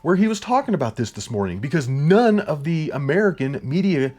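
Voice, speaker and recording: Loud ranting man with faint music. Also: a little high, sing-song, brisk. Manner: loud, heated, yelling; repetitive, blunt, profane. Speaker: political commentary vlogger. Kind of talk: ranting political commentary.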